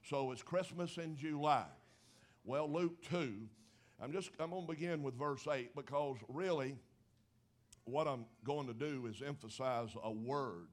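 A preacher man delivering a sermon in a casual, homespun way. His voice sits at an ordinary middle pitch, and he pushes up in pitch and loudness to stress his points. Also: unhurried. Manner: folksy preaching, building to emphatic rises. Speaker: pastor.

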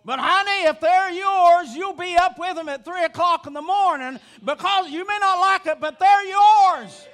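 A man preaching a sermon with passion, rising to shouting, his voice breaking into a cry at the peaks. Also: extremely high pitch, moderate pace, few pauses. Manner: impassioned preaching that rises to shouting.

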